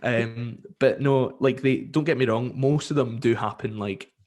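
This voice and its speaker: A man with a Scottish accent, a radio presenter chatting as a podcast guest, telling lively stories and acting out callers. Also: mid-range voice, a little slow. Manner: lively storyteller, acts out callers, many fillers. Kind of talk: casual podcast interview.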